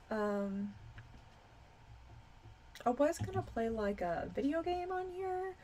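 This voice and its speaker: A woman's voice: mid-range voice, mellow, a little hiss or hum. A tired woman streaming live from home, rambling in casual chat with many fillers. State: tired, yawning.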